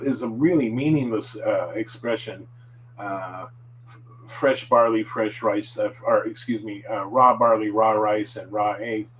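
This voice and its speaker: A man of middle pitch talks through a casual lesson, patient and conversational. He drills words slowly so listeners can repeat them, slipping in fillers and corrections. A faint hum sits under the recording. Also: rough recording. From United States. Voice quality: relaxed, chatty with fillers and self-corrections. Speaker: language teacher.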